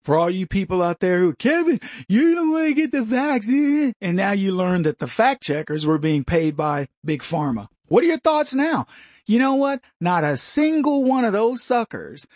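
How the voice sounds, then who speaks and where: A man's voice: sits high, very animated, normal speed, a little mellow, dry recording, clean studio sound. A man hosting a commentary show, delivering a combative, mocking opinion monologue and mimicking his opponents.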